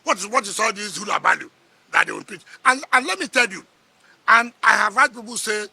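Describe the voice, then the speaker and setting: A man's voice: high voice, sing-song, fairly quick, creaky, bright, forceful tone, breathy edge. A middle-aged man with a Nigerian accent, a politician sparring in a heated press interview, combative and scoffing, repeating his words.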